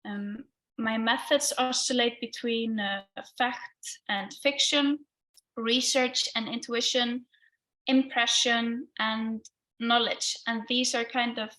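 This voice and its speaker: Slow-speaking woman artist giving a talk. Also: fairly high pitch, fairly even intonation, fairly bright tone. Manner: thoughtful, hesitant with fillers. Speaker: guest artist. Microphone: video call with headphones.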